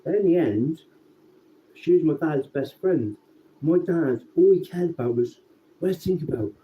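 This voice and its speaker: A man's voice: fairly high pitch, measured pace. Guy rambling and swearing, tinny phone sound, bit of hiss. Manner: sweary, relaxed, rambling with restarts. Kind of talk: casual rambling storytelling. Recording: tinny phone-like sound with faint background noise.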